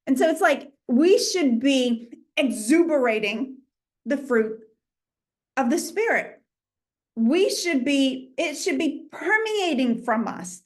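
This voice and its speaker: A middle-aged woman with a New England accent teaches an informal Bible lesson in an animated way, acting out imagined voices. Her voice sits high and she speaks slowly.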